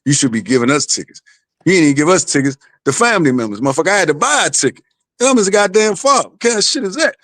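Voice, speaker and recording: A man's voice: a little high, expressive, quick pace, fairly bright tone. A man, the father of a boxer, telling a story in blunt, profane casual podcast talk.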